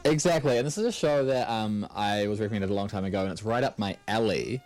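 A man's voice: lowish voice, fast, a little mellow, faint music behind. A man chatting on radio about a TV show, with many ums and uhs. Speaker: TV reviewer guest. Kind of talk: casual radio chat.

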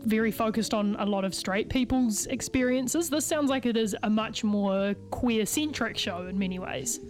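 A woman with a fairly high voice and a New Zealand accent hosts a morning radio chat, quick with friendly remarks. Faint music sits under her voice. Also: a little mellow. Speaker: radio host. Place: radio studio.

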